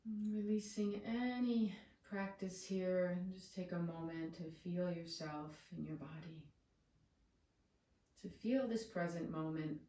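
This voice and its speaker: A woman yoga teacher leading a guided breathing meditation with slow, soothing cues. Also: fairly low pitch, dark tone, distant mic. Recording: echoey room, away from the mic.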